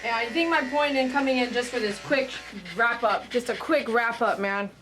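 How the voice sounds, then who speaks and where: A woman's voice: a little high, moderate pace, noisy background. Heartfelt woman groomer over clipper buzz. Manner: emotional, heartfelt, says "man" often. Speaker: dog groomer. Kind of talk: casual vlog talk while grooming. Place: grooming salon.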